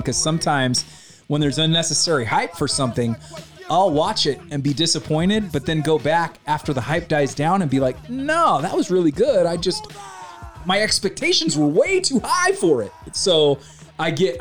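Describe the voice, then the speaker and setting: A man co-hosting a casual podcast, talking in an upbeat, excitable way and laughing often. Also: medium pitch. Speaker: podcast co-host.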